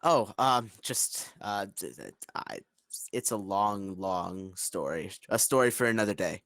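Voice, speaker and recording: A man playing in a tabletop game, asking quick casual questions. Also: lowish voice, fairly bright tone, dry recording, studio quality. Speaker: player.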